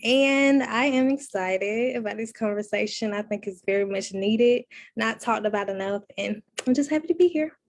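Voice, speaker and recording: A woman in her twenties, a talk show co-host, speaking in a relaxed, friendly way. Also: fairly high pitch, moderate pace. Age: 20s.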